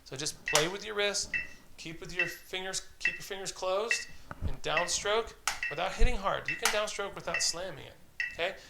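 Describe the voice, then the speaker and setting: Man teaching drum rudiments, gravelly voice. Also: sits high, normal speed, very noisy. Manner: patient, encouraging, counts aloud and calls out stickings. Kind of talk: instructional tutorial, counting off exercises.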